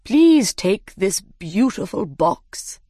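A woman's voice: mid-range voice, very animated, takes it slowly, dark tone, breathy edge, no echo, studio quality, full character voice. A woman reading aloud, voicing a pompous male Dodo bird in a storybook, drawn out and stately.

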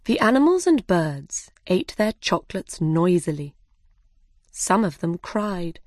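Woman, storybook narration, very slow and careful, dry close sound. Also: fairly low pitch, very animated, darkish tone, no echo. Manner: slow, simple, careful reading.

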